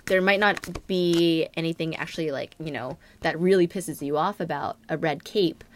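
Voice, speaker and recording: A woman's voice: low-pitched, normal speed. A young woman giving a casual astrology and tarot reading, rambling and filling her talk with "like" and "um". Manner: rambling, many fillers and "like". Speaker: tarot reader.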